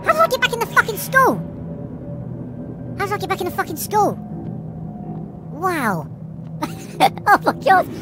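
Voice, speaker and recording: Panicky swearing woman gamer, high and lively. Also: a little slow, pauses often. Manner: panicky, swearing, nervous laughter. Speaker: gamer playing a horror game. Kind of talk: let's play commentary. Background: game music.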